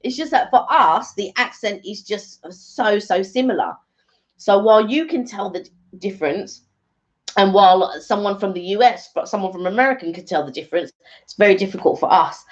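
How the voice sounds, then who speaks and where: A woman's voice: medium pitch, expressive, moderate pace. A woman co-hosting a live stream, chatting casually and rambling with fillers and restarts. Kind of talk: casual chat. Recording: dull lo-fi stream audio.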